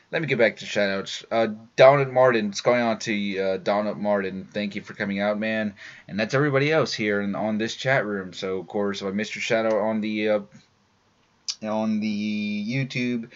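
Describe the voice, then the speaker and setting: A tired man hosting a live stream, reading out casual shout-outs with lots of fillers and restarts. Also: fairly low pitch. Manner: rambling, many fillers and restarts. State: tired after a long workday. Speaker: live-stream show host. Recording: dull lo-fi home stream audio.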